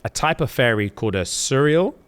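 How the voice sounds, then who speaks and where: A man's voice: mid-range voice, animated, brisk, smooth. A man, casually retelling a novel's plot on a podcast, acting out the characters' lines in slang. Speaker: podcast co-host.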